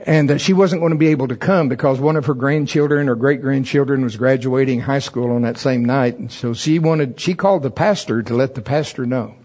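A man preaching a sermon through a humorous personal story. He chuckles often and jumps into loud, high-pitched voices when he acts out his own thoughts. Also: a little fast, few pauses. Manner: chuckles often while telling stories.

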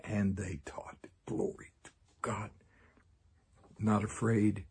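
A man's voice: lowish voice, flat delivery, slow pace, a little mellow, husky. A man preaching a sermon, laughing often and making sarcastic asides. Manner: sarcastic, laughing, acts out voices.

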